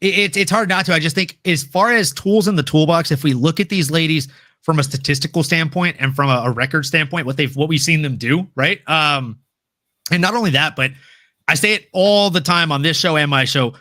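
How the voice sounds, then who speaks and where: Chatty podcast host, slightly high, bright, close dry mic. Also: male voice, fairly quick, dry recording. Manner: chatty, reads chat comments, talks betting odds. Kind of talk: casual MMA prediction chat.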